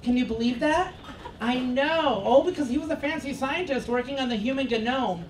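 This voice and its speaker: A man's voice: extremely high pitch, moderate pace. A man in his thirties performing a stand-up comedy set on a club stage with a campy, sassy, flamboyant delivery. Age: 30s. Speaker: stand-up comic. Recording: roomy, distant club recording with crowd noise. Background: audience laughter and club chatter.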